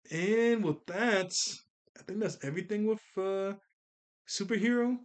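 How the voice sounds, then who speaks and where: Laughing, slangy man chatting casually. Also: a little high. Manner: laughs often, slangy and rambling. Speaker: anime movie reviewer. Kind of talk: casual chat.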